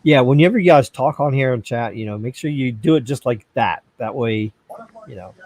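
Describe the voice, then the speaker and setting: A man's voice: medium pitch, animated, brisk, a little mellow, dry recording. A man hosting a casual livestream, chatting loosely and reading viewer comments aloud. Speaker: livestream host.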